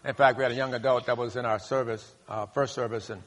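A male pastor preaching a sermon, leading the congregation in call-and-response and rising to loud, high bursts. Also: fairly even intonation, fast. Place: church sanctuary. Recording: long hall reverb.

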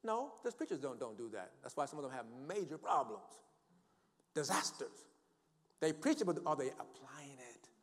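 A man's voice: mid-range voice, sing-song, moderate pace. An older man preaching a sermon in a church, quoting scripture emphatically and calling for responses from the congregation. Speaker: pastor. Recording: long hall reverb.

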